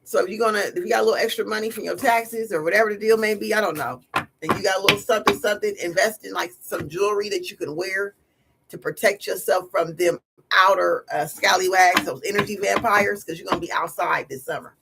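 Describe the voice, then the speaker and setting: Slangy tarot reader on a live, gravelly voice, lots of noise behind. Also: medium pitch, fast talker. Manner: blunt, slangy, scolding. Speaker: tarot reader, livestream host. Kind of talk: casual livestream tarot reading. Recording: noisy livestream audio.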